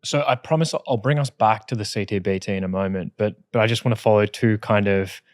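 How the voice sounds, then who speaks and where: A man's voice: on the low side, fast talker, dry recording, studio quality. A man hosting a podcast interview, steering the talk with casual, conversational questions. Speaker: podcast host.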